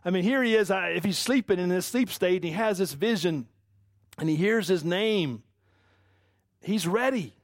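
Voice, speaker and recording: A male pastor preaching a sermon, animated and chuckling often, putting questions to his congregation. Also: sits high, moderate pace, no room sound, studio quality.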